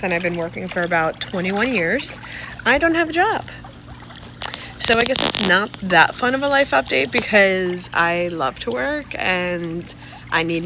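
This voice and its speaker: A woman's voice: lowish voice, noisy background. A woman in her forties giving a casual vlog update, candid and rattled. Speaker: vlogger sharing a life update.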